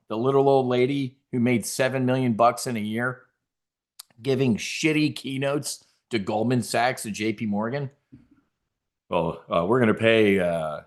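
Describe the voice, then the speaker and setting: A middle-aged man hosting a trading show, giving brash, profane market commentary and mocking the people he quotes. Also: medium pitch.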